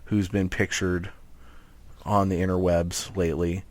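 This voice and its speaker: Man, podcast co-host, very low voice, casual rambling chat. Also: a little slow, no room sound. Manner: rambling, animated, many restarts.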